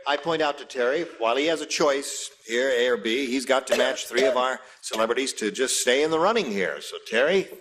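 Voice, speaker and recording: A man hosting a game show, explaining the rules in a brisk, jokey way. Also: medium pitch, expressive, fairly bright tone. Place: TV studio with audience. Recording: noisy studio with audience.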